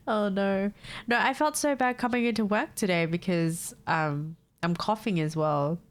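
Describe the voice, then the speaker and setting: Stuffed up with a cold, a young woman chats casually with her stream viewers, swearing freely and laughing a lot. Her mid-range voice is nasal and congested, and she talks a little slowly.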